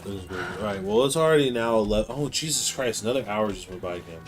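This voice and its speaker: Faint music plays behind a man with a lowish, expressive voice who talks at a quick pace. He's co-hosting a live game stream, chatting casually in a rambling, playful manner.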